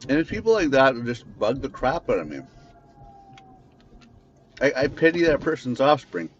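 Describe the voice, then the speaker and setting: A man's voice: medium pitch, sing-song, moderate pace. A man hosting a podcast, venting bitterly and swearing in an unscripted monologue while driving. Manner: bitter, venting ranting with profanity. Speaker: podcast host. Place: in a car. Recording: dull lo-fi sound with faint noise.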